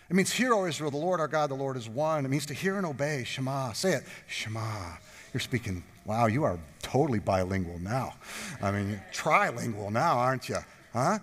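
A pastor preaching a sermon, joking and drawing the congregation in with questions. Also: male voice, medium pitch, fairly bright tone, big-room sound. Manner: jokey, talks with the congregation.

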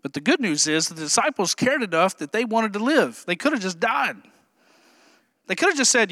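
Man preaching a sermon, very high voice, bright and forceful, jokey asides, dry close sound. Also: moderate pace, dry recording. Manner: humorous, animated preaching with asides to the congregation. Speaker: pastor.

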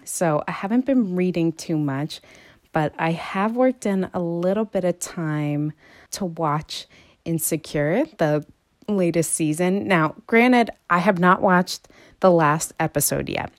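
A woman vlogger in an easygoing, meandering chat. Her voice sits a bit low but springs upward when she gets enthusiastic. The sound is dry and close, with no room echo. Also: slow. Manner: chatty and meandering, jumps higher and louder when excited. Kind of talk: casual chat.

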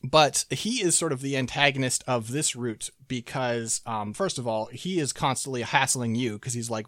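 A man in casual chat, recapping a game's story with lots of fillers, laughs and quick quoted asides. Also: mid-range voice, fairly bright tone, no echo, studio quality. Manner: rambling, laughing, quoting characters in quick asides. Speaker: podcast co-host recapping a game.

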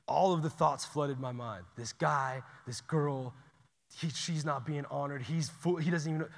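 A man preaching a sermon in a casual, conversational way, swinging from loud urgent bursts to hushed near-whispers. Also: medium pitch, moderate pace, big-room sound. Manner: casual and conversational, says "y'all" and "dude".

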